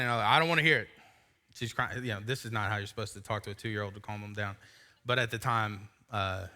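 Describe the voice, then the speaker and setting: Pastor, thirties, male, very bright tone, loose self-mocking sermon delivery in a church. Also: medium pitch. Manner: casual and self-mocking storytelling. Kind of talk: sermon with personal story. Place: church sanctuary.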